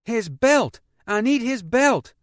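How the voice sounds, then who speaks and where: A man voicing a frantic woman driving scared teenagers, shouting and strained. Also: high voice, sing-song, fairly quick, dry recording, studio quality, pitched above the performer's own voice. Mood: yelling.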